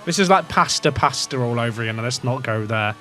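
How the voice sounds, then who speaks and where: Over soft background music, an English man streams his racing-management game, his mid-range voice sharp, animated and a little fast. He chats casually and rambles, questioning himself and swearing now and then.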